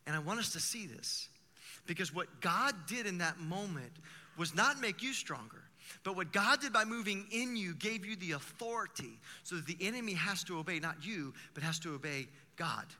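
Animated bright-voiced preacher, man, churchy reverb. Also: high voice, normal speed. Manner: animated, conversational preaching with vivid examples. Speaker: pastor. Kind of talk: sermon.

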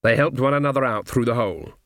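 Dry, measured male audiobook narrator. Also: mid-range voice, a bit bright, no echo.

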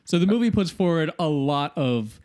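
A man co-hosting a casual film podcast, telling stories with halting fillers. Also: fairly high pitch, expressive, a little mellow, clear, resonant tone. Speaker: podcast co-host. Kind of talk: casual film review chat.

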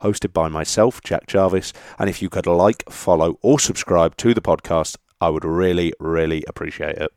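Casting: male podcast host, very low voice, dry close mic, friendly banter. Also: steady tone, moderate pace, hardly any pauses, a little mellow, no echo. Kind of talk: casual interview chat.

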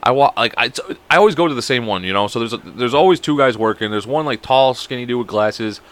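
Young man, casual storyteller, quick and bright, swears a lot. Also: medium pitch, lively intonation. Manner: rambling, profane, acts out quoted people. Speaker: podcast co-host.

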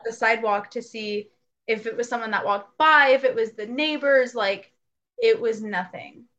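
A woman's voice: fairly high pitch, normal speed. A young adult woman co-hosting a podcast, telling a story in casual chat and acting out the quotes. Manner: animated, acts out quotes. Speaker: podcast co-host. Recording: dull lo-fi recording.

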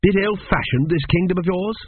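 A man's voice: high-pitched, a little fast, breathy edge, dry recording, voice pushed up. A man reading aloud, voicing a cheerful, easygoing schoolboy who thinks he has life worked out. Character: cheerful posh schoolboy, easygoing know-it-all. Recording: tinny phone-like sound.

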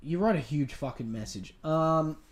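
A man's voice: on the high side, lively intonation, normal speed. A man hosting a podcast, giving relationship advice in a blunt, profane, emphatic rant. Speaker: podcast host.

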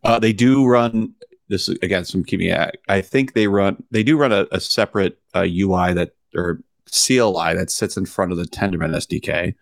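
A man co-hosting a podcast, casually explaining technical matters in a relaxed, hedging way. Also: deep voice, normal speed, gravelly, no room sound, clean studio sound. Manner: relaxed, explains things with hedges. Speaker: podcast co-host and validator. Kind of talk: casual chat.

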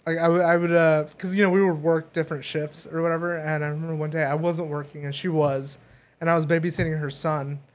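A young man co-hosting a casual podcast, telling stories in an animated way, laughing often and acting out the voices of the people in them. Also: fairly high pitch, fast. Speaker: podcast co-host. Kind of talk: casual chat.

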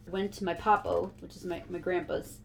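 A woman's voice: lowish voice, fairly quick, creaky, a little hiss or hum. A woman hosting a podcast in casual chat, telling a story with lots of laughter. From Montana. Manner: giggly, animated storyteller. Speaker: podcast host.

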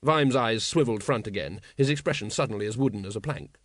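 A man reading an audiobook, a measured, wry scripted narration. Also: on the low side, no echo, clean studio sound.

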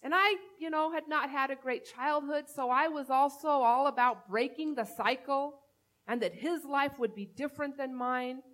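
High-voiced woman preaching a personal sermon. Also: moderate pace, a bit bright. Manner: personal storytelling, conversational and earnest. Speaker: pastor.

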